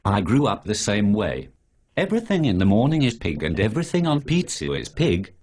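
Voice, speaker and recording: A sarcastic, preachy male superhero from an animated short, spoken by a computer voice. He is very deep and rough-edged and lectures in long lists. His pitch jumps around a lot. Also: brisk, full character voice. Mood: lecturing. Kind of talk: synthetic animated dialogue.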